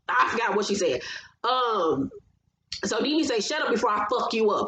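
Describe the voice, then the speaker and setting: A woman's voice: on the high side, lively intonation, fairly quick, a little hiss or hum. A woman recapping a reality TV episode in a blunt, sassy, heavily profane casual style. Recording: roomy, slightly dull recording.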